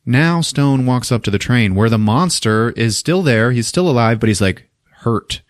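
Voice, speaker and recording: Animated, profane man retelling a movie. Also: medium pitch, normal speed, no room sound, studio quality. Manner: animated, profane, acts out scenes with funny voices. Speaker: podcast host. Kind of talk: casual movie recap. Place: podcast studio.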